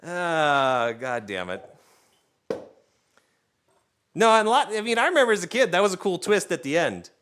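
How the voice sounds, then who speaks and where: A man's voice: high-pitched, racing, a little hiss or hum. A young man hosting a cooking stream from his home kitchen, chatting casually, joking and swearing as he goes. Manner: animated, swears freely, jokey tangents. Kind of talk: casual chat while cooking.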